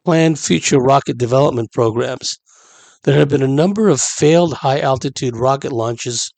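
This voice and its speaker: Gravelly man reading with asides. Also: mid-range voice, a little mellow, no echo. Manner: measured reading broken by chatty asides. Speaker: commentator reading a document. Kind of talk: reading aloud with commentary.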